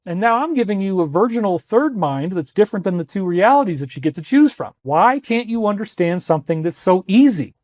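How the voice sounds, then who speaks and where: A man's voice: sits high, sing-song, fairly quick, few pauses, darkish tone, dry recording, studio quality. A man giving an impassioned talk to viewers, stressing his points by repeating phrases. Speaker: speaker in archived clips.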